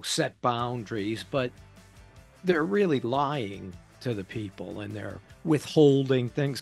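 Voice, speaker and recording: A man's voice: mid-range voice, creaky. Enthusiastic rambling man, casual chat. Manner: enthusiastic, rambling explanations with restarts. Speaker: podcast co-host.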